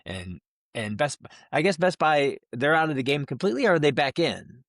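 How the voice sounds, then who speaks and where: A man co-hosting a casual podcast chat, rambling and animated, with lots of restarts. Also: a little high, brisk, no echo, studio quality. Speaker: co-host.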